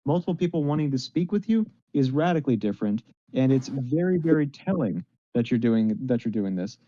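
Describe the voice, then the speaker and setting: A man's voice: mid-range voice, big pitch swings, a little fast, mellow. A man in a heated online debate, lecturing and scolding another speaker. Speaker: debate participant on voice chat. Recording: dull lo-fi microphone.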